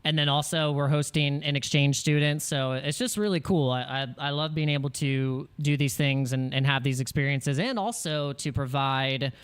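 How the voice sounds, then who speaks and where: A man's voice: on the high side, steady tone, normal speed, few pauses, smooth. An American man hosting a crypto livestream in casual chat, rambling and joking, with frequent laughs and restarts, jittery from espresso. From United States.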